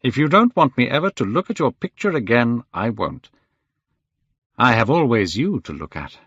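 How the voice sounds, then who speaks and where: A man reading aloud, voicing a gentle, devoted male painter who speaks in a raised, earnest, coaxing tone. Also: medium pitch, sing-song, moderate pace, breathy edge, no room sound. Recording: dull, dry lo-fi recording.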